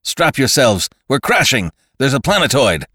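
A man's voice: rumbling low, very animated, a little slow, creaky, no echo, clean studio sound, full character voice. A man voicing a weary, irritable male space traveler who snaps when pushed. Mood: panicked. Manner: tired and short-tempered, shouting in a crisis.

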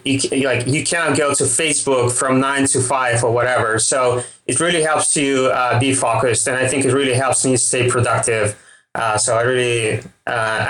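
A man's voice: mid-range voice, fairly bright tone, reverberant, low-quality recording. A man in his thirties with a Russian accent, a startup founder answering interview questions hesitantly, with many fillers. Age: 30s.

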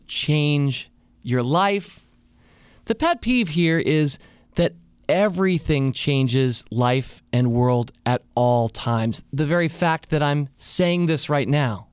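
A man hosting a podcast alone. He talks casually and thinks out loud, and he asks many rhetorical questions. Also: fairly high pitch, clear, resonant tone, dry recording, studio quality. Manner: reflective, full of rhetorical questions. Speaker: podcast host. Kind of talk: casual solo monologue.

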